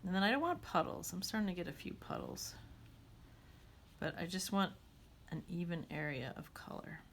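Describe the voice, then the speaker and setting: A woman's voice: fairly low pitch, animated, normal speed, vocal fry, a little hiss or hum. A woman teaching a watercolor demonstration, chatting and thinking aloud as she paints.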